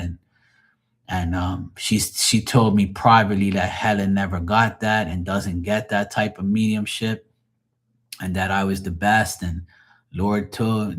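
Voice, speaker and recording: Man, live stream host, low voice, profane, mocking, rambling rant. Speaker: live tarot reader. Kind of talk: ranting live stream chat.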